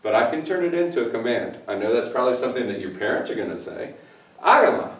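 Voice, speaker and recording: A man's voice: medium pitch, quick pace. A man teaching a Spanish grammar lesson on video, explaining playfully and joking with his cameraman. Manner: playful, jokey, animated asides. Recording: echoey room, distant mic.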